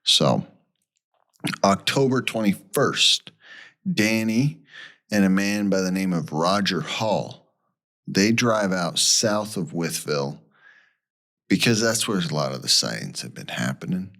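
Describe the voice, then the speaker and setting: A man with a low voice tells a story with lots of swing in his pitch. He rambles casually and acts out the people he quotes, as a podcast co-host would. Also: vocal fry, a bit bright.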